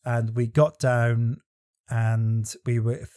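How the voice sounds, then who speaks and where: Brief: young male co-host, profane storyteller, mid-pitched, casual podcast chat. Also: flat delivery, slow, warm tone, clear, resonant tone.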